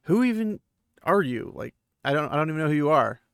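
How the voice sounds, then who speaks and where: A man's voice: on the high side, sing-song, a little fast, vocal fry, clear, resonant tone, no echo, clean studio sound. A man voicing a young male country lad who speaks urgently and defiantly.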